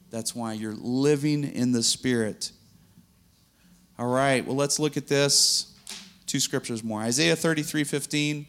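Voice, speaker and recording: A man's voice: mid-range voice, fairly bright tone. A man preaching a sermon in an earnest, conversational way, laughing now and then between points.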